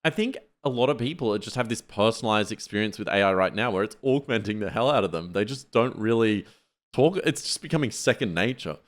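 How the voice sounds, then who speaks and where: Relaxed man chatting, lots of "like". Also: fairly low pitch, fairly quick. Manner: loose, filler-heavy, uses "like" a lot. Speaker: podcast co-host. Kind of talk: casual tech podcast chat.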